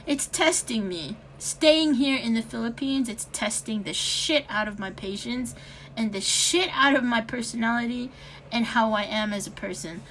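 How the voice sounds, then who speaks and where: A young American woman with a high, bright voice rants into the camera in a vlog. She swears often, sighs, and drops in Tagalog words. Faint room sound hums behind her. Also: normal speed, a little hiss or hum. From United States. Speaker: vlogger. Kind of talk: ranting vlog.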